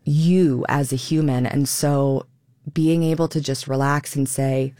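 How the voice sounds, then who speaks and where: A woman's voice: very deep voice, steady tone, a little slow, warm tone, no echo, clean studio sound. A woman in her thirties, a stage actor, talking expressively in a radio interview and acting out quoted asides.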